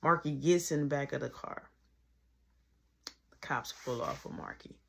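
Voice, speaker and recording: A woman retelling a personal story for a vlog, animated and slangy, rapidly quoting everyone with "I'm like.". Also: very deep voice, creaky, breathy edge.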